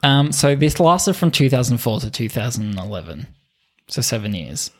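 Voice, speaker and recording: This podcast co-host chats casually and tells stories, giggling a lot and swearing often. He speaks at a normal speed in a mid-range, sing-song voice.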